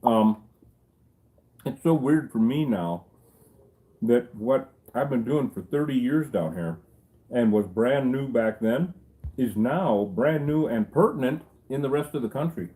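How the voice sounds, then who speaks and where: A man's voice: medium pitch, expressive, unhurried, warm tone, rough recording. A middle-aged man, a beekeeper, telling stories in casual chat, rambling and cracking jokes with salty asides. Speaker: beekeeper and channel host.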